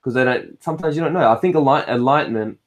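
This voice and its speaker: An Australian man hosting a laid-back livestream, his voice sitting at an ordinary middle pitch. He drifts from thought to thought, swears freely and often breaks off to restart a sentence. He reads viewer comments and answers them in an easy, conversational way. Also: quick pace, lo-fi sound. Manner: rambling and swearing, with frequent restarts. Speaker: livestream host. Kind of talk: casual livestream chat.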